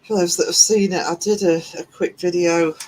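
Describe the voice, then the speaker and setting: A man's voice: high voice, steady tone, normal speed, darkish tone, low-quality recording. A man hosting a livestream, giggling as he reads out chat messages. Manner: giggly, reading chat aloud. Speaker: livestream host. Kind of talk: casual live-stream chat. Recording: faint music behind.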